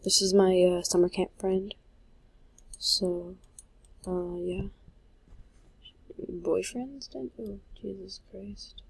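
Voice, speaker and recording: A young woman chats through a casual gameplay video at an unhurried pace, her voice soft and a little breathy. She rambles, trails off and pokes fun at herself while typing and playing. The sound is close and dry, from a mic she holds in her hand. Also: medium pitch, fairly even intonation, no echo, low-quality recording. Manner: rambling and self-mocking, trailing off. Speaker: gaming vlogger. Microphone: handheld microphone.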